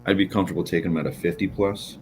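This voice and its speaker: Low-voiced man chatting fantasy football. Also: very fast, faint music behind, poor audio. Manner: relaxed, joking, lots of fillers. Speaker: podcast co-host. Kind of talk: casual fantasy football chat. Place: podcast studio.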